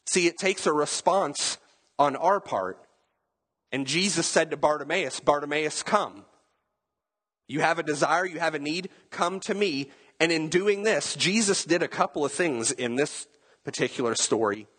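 A man's voice: a little high, measured pace, a bit bright, breathy edge. A man preaching a sermon in a conversational way, asking the listeners questions and acting out quotes. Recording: long hall reverb.

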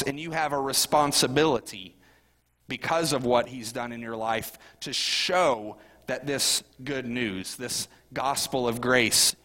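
This sermon comes from a middle-aged male pastor whose medium-pitched voice has a sharp edge and trails off in a long reverb tail. Speaking conversationally, he keeps asking the congregation questions.

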